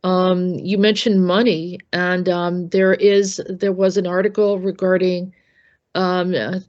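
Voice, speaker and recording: A woman's voice: on the low side, little pitch movement, slow pace, a little mellow, dull audio. A woman hosting a discussion, talking in a casual, conversational, hesitant way. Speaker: host.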